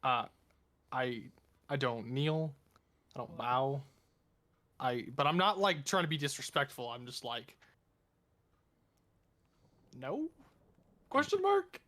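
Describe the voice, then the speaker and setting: A man's voice: medium pitch, unhurried, long pauses, bright, forceful tone. A man playing a tabletop game, speaking hesitantly in stop-start phrases. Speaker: player. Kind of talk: casual chat at a game table.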